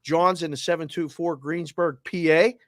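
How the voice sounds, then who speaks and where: This man speaks in a Boston accent with a fairly high voice. He hosts a casual sports talk show and fires off energetic listener shout-outs. The sound is dry and close. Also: moderate pace, no echo. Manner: energetic, shout-outs with area codes and towns. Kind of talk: roll call of listeners, casual.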